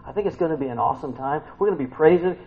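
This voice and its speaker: Man, preacher, sermon, hushed then shouting, slightly high voice, a bit muffled, faint background hiss. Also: lively intonation, very fast, gravelly. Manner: swings from hushed to shouting bursts.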